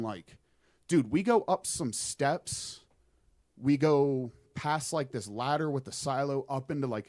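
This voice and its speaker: A man's voice: mid-range voice, dry recording, studio quality. A young man telling a creepy personal story on a podcast, rambling and swearing as he goes. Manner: rambling, swearing, animated retelling. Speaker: podcast guest. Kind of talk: casual storytelling.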